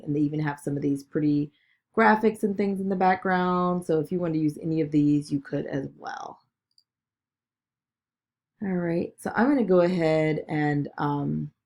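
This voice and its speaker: A woman giving a chatty screen-recorded software tutorial, talking through each click with lots of "okay" and "all right". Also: deep voice. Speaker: business video tutor.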